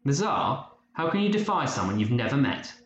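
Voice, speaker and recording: A man voicing a fierce, stubborn young girl who speaks in sharp, defiant outbursts. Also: mid-range voice, very animated, moderate pace, voice pushed up. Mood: alarmed. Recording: muffled roomy recording, faint hiss.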